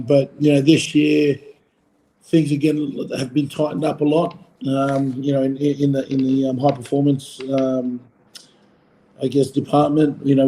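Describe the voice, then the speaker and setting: Aussie guy, rugby coach, rambles with lots of ums, flat and dark sounding, casual interview. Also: medium pitch, poor audio. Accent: Australian. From Australia. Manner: rambling, many fillers and restarts. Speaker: rugby coach, former player. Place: Fiji.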